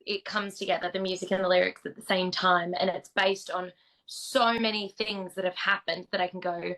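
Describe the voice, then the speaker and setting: Bright-voiced Australian woman, chatty. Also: mid-range voice, a little fast, rough recording. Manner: chatty, animated, bursts into playful song. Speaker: guest singer-songwriter. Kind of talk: casual interview chat.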